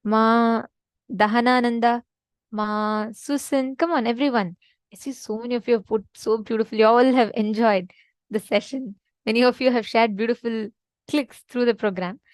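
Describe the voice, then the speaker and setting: A woman's voice: on the high side, fairly even intonation, normal speed, no room sound, studio quality. A woman giving a devotional teaching session, speaking earnestly and emphatically and repeating her key points. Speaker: spiritual teacher.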